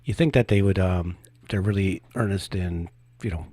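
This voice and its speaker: Low husky man, skeptical commentary. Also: dark tone. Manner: skeptical, halting, with many restarts. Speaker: co-host. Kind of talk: casual political commentary.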